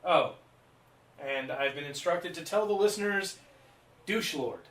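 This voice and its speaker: A man's voice: on the high side, normal speed, fairly bright tone. A man co-hosting a live podcast stream, chatting casually and poking fun at himself while he fills time. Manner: rambling and self-mocking. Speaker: podcast co-host.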